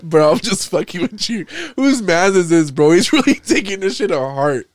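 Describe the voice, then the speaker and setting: A man's voice: high voice, expressive, moderate pace, dry recording, clean studio sound. A young man co-hosting a podcast, chatting casually, teasing and laughing a lot with some swearing. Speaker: podcast co-host. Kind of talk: casual chat.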